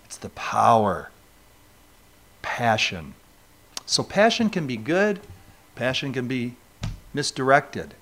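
A man's voice: mid-range voice, sing-song, slow, pauses often, a bit bright. A man from New York State preaching a sermon, talking conversationally and asking the congregation rhetorical questions. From New York State, USA. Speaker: pastor.

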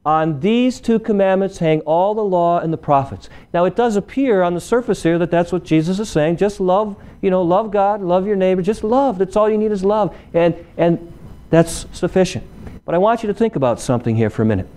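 A man's voice: sits high, brisk, dark tone. A male preacher giving a sermon, emphatic and repeating key phrases, firing rhetorical questions at the congregation.

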